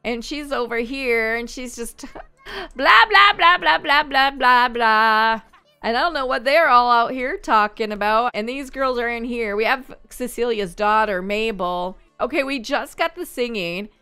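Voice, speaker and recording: Woman gaming host, casual play-by-play, slightly high voice, crisp and clear. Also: moderate pace, hardly any pauses, a bit bright, soft background music. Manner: chatty, exclaiming at on-screen events. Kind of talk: casual gameplay commentary.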